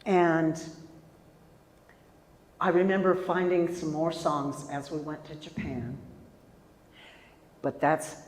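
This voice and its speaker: A woman in her seventies telling a personal story on stage, animated and acting out the voices of the people in it. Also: sits low, slow, long pauses. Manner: animated, acts out voices and sings snippets. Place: festival stage in a hall. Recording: long hall reverb.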